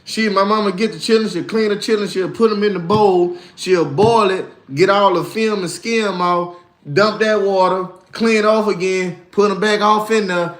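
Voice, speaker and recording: A man with a high-pitched voice chats casually on a livestream and tells stories with lots of animation, acting out the people in them. The room gives his voice a roomy echo. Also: moderate pace. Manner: animated storytelling, acts out voices, laughs often. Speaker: livestream host reading chat.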